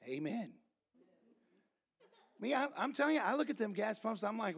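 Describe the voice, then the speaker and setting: High, gravelly preacher man. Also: very animated, moderate pace. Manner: builds to shouting, repeats phrases; folksy storytelling. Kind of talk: sermon.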